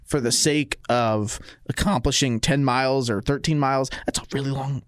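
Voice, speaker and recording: A man's voice: medium pitch, moderate pace, dry recording, clean studio sound. A man co-hosting a radio show podcast, telling self-deprecating stories in casual banter.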